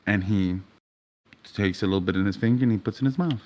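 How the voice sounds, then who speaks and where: A man's voice: lowish voice, fast, darkish tone, a little hiss or hum. A young adult man narrating a tabletop game as game master, in a vivid, casual way with swearing.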